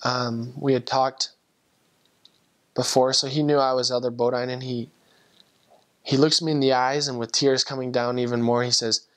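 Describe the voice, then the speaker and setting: Young man, returned missionary, mid-pitched, earnest and emotional, halting restarts, personal testimony telling. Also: flat delivery, a bit bright.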